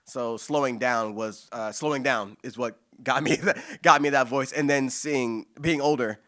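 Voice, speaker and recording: Man, forties, poet, audience q&a, excited, fast, restarts, swearing, average pitch. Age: 40s. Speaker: guest poet at a reading. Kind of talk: casual audience Q&A answers.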